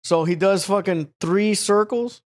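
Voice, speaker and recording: A young man telling a rambling, profane story in casual chat, full of fillers and animated asides. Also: sits high, unhurried.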